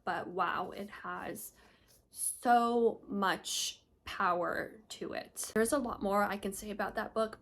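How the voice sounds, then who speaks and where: A young woman talking casually to her camera about the books she read this month. Her voice sits at an ordinary middle pitch, and she gushes openly about stories that moved her. She rambles in a friendly way, with plenty of "um" and "I don't know" along the way. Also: creaky, a little hiss or hum. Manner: gushing, emotional, chatty with fillers. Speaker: book vlogger. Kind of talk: casual book review vlog.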